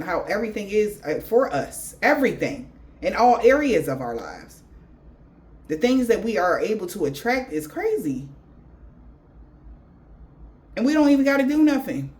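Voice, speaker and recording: A woman's voice: medium pitch, darkish tone. A woman giving a spiritual reading in blunt, profane slang. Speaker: tarot reader.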